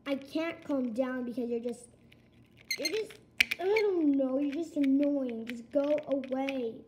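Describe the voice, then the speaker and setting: A woman's voice: high voice, unhurried, noisy background. A girl voicing a defiant adopted pet kid. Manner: sulky, yelling back. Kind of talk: toy pet home-video role-play.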